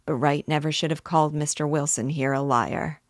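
A smooth, scheming cattle baron who pushes his offer with calm persuasion, as a woman reads him aloud. The voice sits low and close, in a dry space with no echo. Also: moderate pace. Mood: persuasive. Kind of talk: reading a novel aloud.

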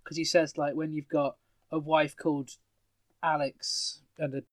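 A man with a somewhat higher voice talking casually on a podcast, rambling and chuckling at himself. The sound is dry and close, with no room around it. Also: flat delivery, a little slow, no room sound. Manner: rambling, self-deprecating, chuckling. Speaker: podcast co-host.

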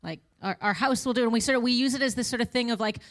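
A woman's voice: fairly high pitch, very fast. A woman in her thirties giving a casual, chatty testimony at church, with self-deprecating asides. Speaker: church speaker sharing testimony.

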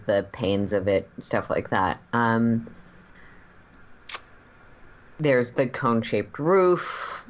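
Game master narrating a tabletop game, casual, lots of ums, mid pitch, kinda dull audio. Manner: casual, many "um"s and "like"s while describing scenes.

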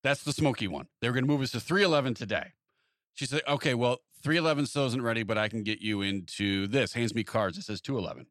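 Man, casual storyteller, talks fast, dry close mic. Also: medium pitch, dry recording. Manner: animated anecdote-telling, acts out quoted exchanges. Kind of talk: casual chat.

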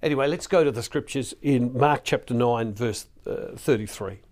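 A man's voice: mid-range voice, moderate pace, darkish tone. A man giving an earnest devotional sermon as a Catholic preacher, pleading with his listeners and often repeating words as he goes. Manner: earnest, pleading, emotional at times.

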